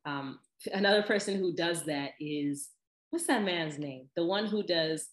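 A woman talking casually about the interviewers who inspire her, animated and full of asides. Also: on the low side, a little slow. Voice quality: animated, lively with laughs and imitated voices. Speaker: podcast host. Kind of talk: casual chat. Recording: echoey room.

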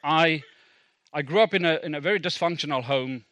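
A man's voice: fairly high pitch, brisk, fairly bright tone, dry recording. A middle-aged South African man, a native Afrikaans speaker, preaching a sermon as a pastor in a conversational, self-deprecating way with asides to the congregation.

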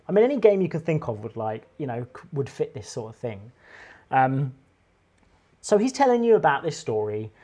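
Rambling, excitable man pitching ideas. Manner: rambling, enthusiastic, full of fillers and restarts. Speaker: podcast co-host. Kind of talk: casual chat pitching a game idea.

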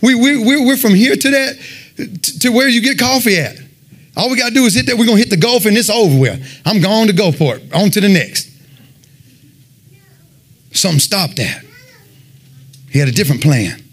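A man giving a fervent sermon and personal testimony, telling his story in an animated way and peppering it with "man.". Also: high-pitched, moderate pace, pauses often, slightly rough. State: sweating, winded after worship. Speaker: lay preacher giving testimony.

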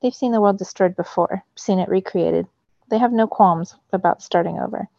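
A woman reading as an ancient stern storm god, gravelly. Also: mid-range voice, moderate pace, darkish tone, dry recording, lo-fi sound. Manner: grave, commanding.

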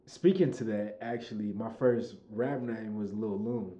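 A man's voice: on the low side, a little slow, mellow, reverberant, dull audio. A young man from Chicago, a recording artist talking casually as a podcast guest, loose and laid-back, swearing freely. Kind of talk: casual conversation.

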